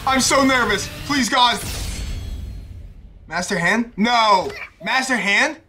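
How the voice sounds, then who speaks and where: A young man with a high, bright voice pours out nervous excitement as he reacts to a game trailer. He rambles, curses freely and keeps working himself up. There is faint music behind him. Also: slow. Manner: hyped, nervous, rambling, swears a lot.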